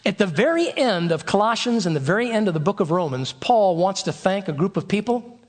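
High-voiced man preaching emphatically. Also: sing-song, brisk. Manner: emphatic, repeats key phrases. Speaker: pastor. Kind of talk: sermon.

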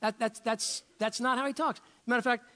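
A man's voice: very high voice, fairly even intonation, brisk, pushed and bright. A man preaching a sermon as a pastor, firing off rhetorical questions and often repeating words as he searches for the next thought.

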